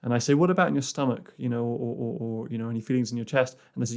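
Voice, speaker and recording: A man hosting a solo personal growth podcast, telling a client story with many fillers and restarts, and dropping to a soft, low voice when he quotes the exercise. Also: fairly even intonation, rapid-fire, few pauses.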